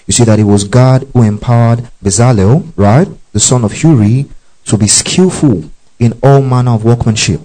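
A man leads a Bible study, reading verses aloud and pausing to spell out Greek words. His voice is low and mellow. He keeps checking in with his listeners, asking if they follow. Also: poor audio. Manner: checks understanding with frequent "okay?" and "you see that?". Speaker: Bible teacher.

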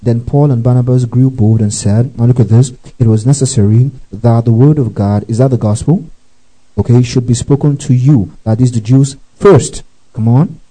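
A man's voice: medium pitch, fairly even intonation, normal speed, mellow, rough recording. A man preaching a teaching sermon, reading scripture with asides, often asking if listeners follow and breaking into praise exclamations. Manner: reads scripture aloud with asides.

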